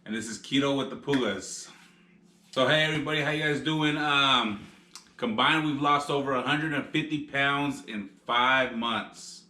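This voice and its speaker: Bright-voiced man, casual rambling chat. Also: medium pitch, normal speed, reverberant. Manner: rambling, lots of "you know" fillers. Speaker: vlog co-host.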